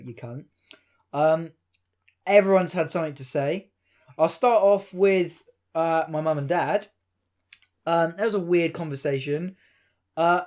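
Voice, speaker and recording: A young man with a fairly high voice tells a story on a casual podcast. He is animated, laughs while he talks and mimics the people he quotes. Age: young adult. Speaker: podcast co-host.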